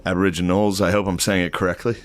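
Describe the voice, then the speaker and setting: A man's voice: low-pitched, flat delivery, fast. A man co-hosting a podcast, talking bluntly and crudely in casual chat. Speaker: podcast co-host.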